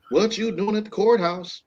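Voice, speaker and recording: Animated male podcast host, lo-fi. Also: high-pitched. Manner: animated, acts out voices while joking. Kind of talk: casual comedic chat. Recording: slightly dull lo-fi sound.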